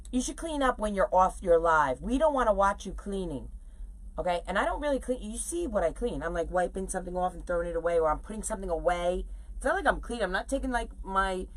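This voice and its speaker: A middle-aged woman hosting a live stream, chatting to viewers in a lively, casual way while she makes a wreath bow. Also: lowish voice. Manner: chatty, animated, talks to viewers while working. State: sore legs from standing. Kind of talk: casual chat while crafting on a live video.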